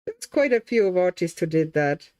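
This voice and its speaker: A woman from Latvia talking through a relaxed colouring livestream. She chats with viewers, reads their comments aloud, and muses about her work as she goes. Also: on the low side, moderate pace. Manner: chatty and easily amused, reading out comments while working. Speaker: livestream host colouring while chatting. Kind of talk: casual livestream chat.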